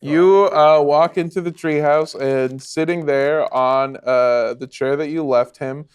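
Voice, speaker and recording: A man narrating as game master of a comedy tabletop role-play, relaxed and filling his pauses with "uh". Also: on the high side, clean tone. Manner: relaxed, many "uh" fillers.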